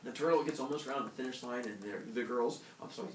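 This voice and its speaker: A young man teaching a class speaks quickly at a medium pitch, cracking jokes and doing silly voices for animal characters as he turns the lecture into playful storytelling. The recording sounds echoey and distant, as if captured from the back of a classroom, with slight background noise.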